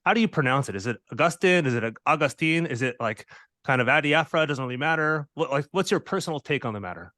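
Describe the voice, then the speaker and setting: A man's voice: mid-range voice, animated, fast, pushed and bright, no room sound, studio quality. A man interviewing two guests on a podcast, chatty and playful, often repeating words as he goes. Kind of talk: casual interview.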